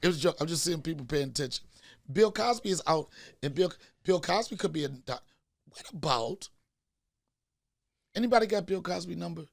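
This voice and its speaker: A man hosting a comedy podcast, joking loudly and repeating lines for laughs. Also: a little high, lively intonation, brisk, vocal fry, long pauses, no room sound, clean studio sound. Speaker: podcast host. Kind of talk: casual comedic chat.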